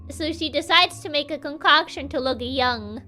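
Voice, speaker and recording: A woman's voice: high-pitched, normal speed, bright, forceful tone, soft background music. A young woman streamer telling a story on a livestream in a playful, giggly, chatty way.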